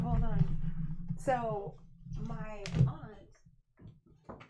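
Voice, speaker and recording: A young adult woman chatting casually on a live stream, telling a family story in an animated way and thanking viewers by name. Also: fairly low pitch, moderate pace, a little hiss or hum. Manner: chatty, animated storyteller who reads viewer messages aloud.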